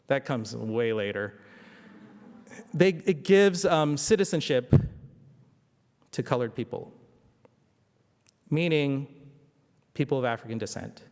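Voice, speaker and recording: Man, lecturer, conversational, rhetorical questions, lively pitch, reverberant hall. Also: slow, pauses often. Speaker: symposium speaker. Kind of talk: lecture on history.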